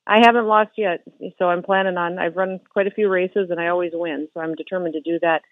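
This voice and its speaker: A woman's voice: fairly low pitch, fairly even intonation, a little fast, no room sound. A woman governor telling a story with earnest energy as a radio interview guest, heard over the phone. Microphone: phone line. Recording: tinny phone line.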